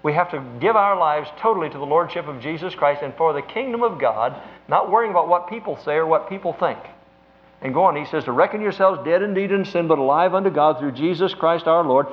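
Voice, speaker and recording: A man preaching a sermon in an earnest, emphatic way, slowing down to stress key words. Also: fairly high pitch, expressive. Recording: dull lo-fi recording.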